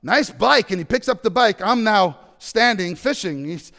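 A man's voice: sits high, expressive, normal speed, a bit bright, big-room sound. A man preaching a sermon by telling a personal story, acting out the dialogue and asking the audience questions. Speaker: pastor.

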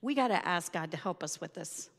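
A woman's voice: lowish voice, expressive, a little fast, long reverb tail, pitched below the performer's own voice. Woman quoting a blunt, insistent friend. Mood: earnest. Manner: insistent, matter-of-fact. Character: blunt determined woman friend without arms.

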